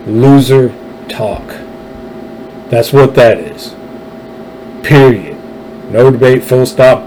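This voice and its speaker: Ranting man, low-key dark tone. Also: takes it slowly, long pauses, a little hiss or hum, rough recording. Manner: ranting, emphatic, repeats phrases. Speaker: political podcast host. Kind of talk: opinionated monologue.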